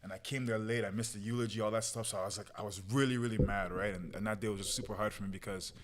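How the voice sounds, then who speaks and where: A young man tells a personal story as a podcast guest in loose, casual speech. His voice sits low, and his words tumble out fast. He leans on "bro" and "yo" and replays what he said back then. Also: fairly even intonation. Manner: slangy, peppered with "bro" and "yo"; relives moments through quoted self-talk.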